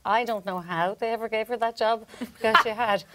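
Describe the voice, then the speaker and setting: A woman's voice: a little high, a little fast. A woman on a podcast panel, telling a comic anecdote and acting out the people in it. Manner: animated storyteller, acts out voices and laughs often. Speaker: panel guest.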